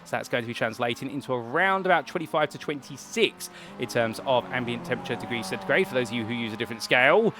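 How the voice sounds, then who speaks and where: A man's voice: mid-range voice, lively intonation, fast, background noise. A British man in his thirties, commentating a sim racing qualifying session in a chatty, rambling way with polite turns of phrase. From United Kingdom. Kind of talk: solo race commentary.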